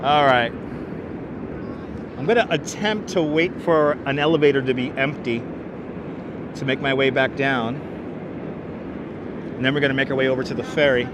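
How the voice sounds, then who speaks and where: A man live-streaming a walk through the city on a clip-on mic, chatty and playful, now and then yelling. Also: mid-range voice, normal speed, pauses often. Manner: chatty, playful, bursts into loud yelling and sing-song calls. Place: outdoors in a city and in an elevator. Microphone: wireless clip-on mic. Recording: street noise clearly behind.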